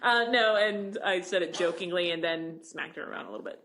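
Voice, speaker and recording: Bright-voiced woman telling studio stories. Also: lowish voice, a little fast, a little hiss or hum. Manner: lively anecdotal telling, laughing as she talks. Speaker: voice actor and voice director, co-host. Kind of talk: casual podcast chat, storytelling.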